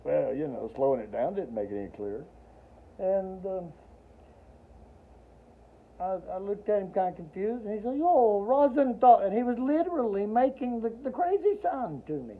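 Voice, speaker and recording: A man's voice: sits high, sing-song, normal speed, long pauses. A man, an Army veteran telling a personal story in a rambling way, acting out the voices he quotes with dry humor. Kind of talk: casual spoken storytelling. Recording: tinny phone-like audio.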